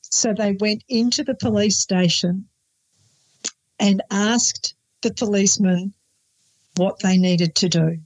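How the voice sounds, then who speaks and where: A woman's voice: medium pitch, slow, long pauses, poor audio. Australian woman explaining slang. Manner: explanatory, telling anecdotes. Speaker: podcast co-host. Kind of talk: casual chat.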